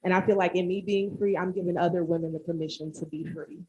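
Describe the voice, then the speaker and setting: A woman panelist speaks earnestly about her own experience in a mellow, somewhat low voice. The recording sounds dull and muffled, with a faint hiss underneath. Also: fairly even intonation, fast. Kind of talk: reflective panel discussion.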